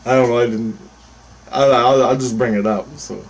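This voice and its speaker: A man's voice: medium pitch, steady tone, moderate pace. A man casually telling a story, rambling with restarts, swearing freely and often breaking into laughter. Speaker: storyteller vlogger.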